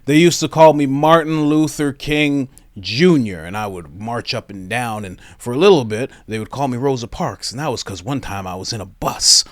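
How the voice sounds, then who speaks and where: A man's voice: mid-range voice, moderate pace, few pauses, no echo, studio quality, natural voice. A man impersonating a boastful, rambling old politician.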